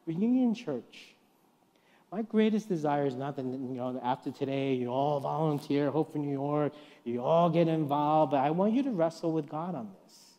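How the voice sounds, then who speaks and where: A middle-aged man preaches in a church, his voice a little high for a man. He tells personal stories, acts out the people he quotes, and swings between hushed and loud. A long reverb from the hall hangs on every line. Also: normal speed. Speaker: guest preacher. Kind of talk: sermon.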